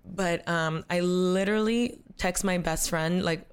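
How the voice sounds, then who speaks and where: A woman's voice: on the low side, unhurried, clear, resonant tone. Chatty young woman telling a story. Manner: animated storyteller, acts out quotes, laughs often. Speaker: guest, content creator. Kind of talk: casual interview storytelling.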